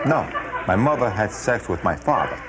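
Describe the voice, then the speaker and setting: An actor playing a deadpan, unflappable office worker in his fifties, answering with dry, literal replies in a comedy script reading. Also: on the low side, moderate pace, a crowd in the background. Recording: noisy background.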